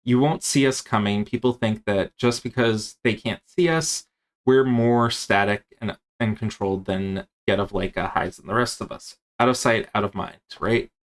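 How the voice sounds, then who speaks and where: A man's voice: fairly low pitch, moderate pace, lightly acted. A man voicing a brash, paranoid man cursed to be a spider, who is blunt and sweary as he taunts a captive. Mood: menacing.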